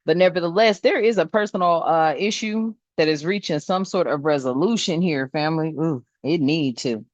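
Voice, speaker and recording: A woman's voice: deep voice, moderate pace, dry recording. A woman doing a tarot reading in a casual chat, laughing often and swearing freely in slangy speech. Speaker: tarot reader. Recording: dull, slightly lo-fi sound.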